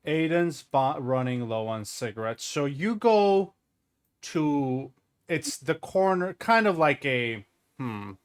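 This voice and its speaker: A man's voice: on the high side, lively intonation, takes it slowly. A man narrating a tabletop role-play game as game master, rambling with asides.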